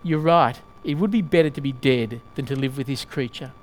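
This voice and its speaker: A man's voice: mid-range voice, a little fast, a little hiss or hum, voice pushed down, lightly acted. A man voicing a male ghost who pleads and protests as he clings to his sin. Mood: desperate.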